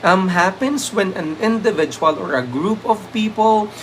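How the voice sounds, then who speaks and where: A man's voice: high voice, animated, normal speed, fairly bright tone, slight background noise. Filipino man reviewing exam items. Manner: Taglish code-switching, many "um" fillers; thanks viewers by name. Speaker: review lecturer. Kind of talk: live-stream exam review.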